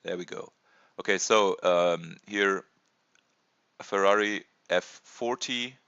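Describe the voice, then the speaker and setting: A man in his thirties from Germany with a German accent, hesitantly presenting a casual toy review with many pauses and fillers. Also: deep voice, sharp tone, clear, resonant tone, no room sound, muffled recording. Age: 30s. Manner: hesitant, many ums and uhs.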